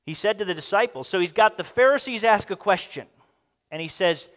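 A man preaches to his congregation, lively and animated, slipping into other voices for the speech he quotes. His voice sits high for a man. The sound rings with long reverb from a hall. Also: brisk. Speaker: pastor. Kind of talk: sermon.

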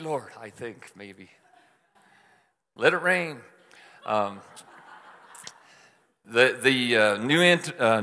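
Bright-voiced pastor in an echoing hall. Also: male voice, mid-range voice. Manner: informal, chatty, with frequent restarts and asides to the congregation. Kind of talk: conversational sermon. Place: church hall with screens. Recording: long reverb of a large hall.

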